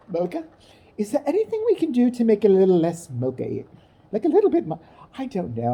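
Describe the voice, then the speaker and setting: A woman's voice: medium pitch, huge pitch swings, quick pace, mellow, slightly rough. A woman ranting in a crude, mocking comedic style, acting out the people she talks about. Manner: crude, mocking, acts out voices. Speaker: comedic commentator. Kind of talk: profane comedic rant.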